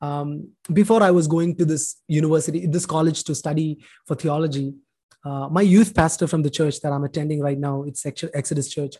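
Brief: man in his 30s from India, emotional personal testimony, voice sits a little high. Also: fairly even intonation, a little fast, dark tone. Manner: emotional storytelling, acts out dialogue. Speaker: speaker sharing testimony.

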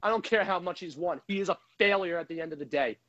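A man with a high voice rants heatedly about hockey as a frustrated fan, swearing freely. He speaks into a microphone. The recording sounds dull and lo-fi. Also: fast talker, bright, forceful tone. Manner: heated, profane, frustrated ranting. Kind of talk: ranting sports commentary.

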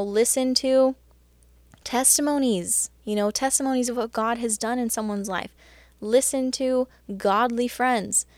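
A woman's voice: a little high, dry recording. Chatty woman giving casual faith talk. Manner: chatty, full of "like" and "you know"; earnest and encouraging. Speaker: Christian podcast host.

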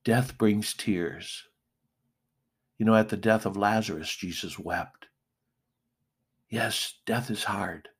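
A middle-aged male pastor preaching a sermon, slow and deliberate with emphatic pauses. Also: fairly low pitch, fairly bright tone, slightly rough.

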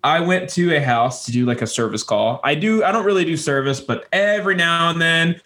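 A young man co-hosting a podcast, telling a casual story and jumping into squeaky voices for animals. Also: a little fast, bright, forceful tone. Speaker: podcast co-host.

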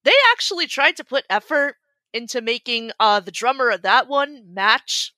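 Bright, snarky woman podcaster. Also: on the high side, animated, moderate pace, no room sound. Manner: blunt, swears, snarky asides. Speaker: podcast co-host. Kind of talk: casual comedic review chat.

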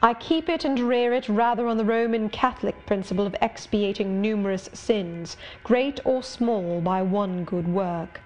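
A woman reading the part of a brooding, sardonic middle-aged gentleman in an audiobook, speaking in a measured, wry, confiding way. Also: medium pitch, highs cut off, a little hiss or hum, close to an everyday voice. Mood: rueful.

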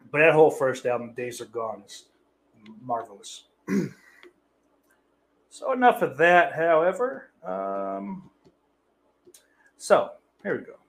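A man's voice: fairly high pitch, lively intonation, slow, vocal fry, long pauses. A man in his thirties hosting a casual stream, reading out chat messages and rambling in a profane, offhand, sardonic way. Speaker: livestream host reading chat.

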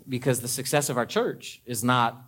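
A young adult man preaches as a pastor in a medium-pitched, slightly bright voice, talking conversationally before swinging into emphatic, climbing peaks.

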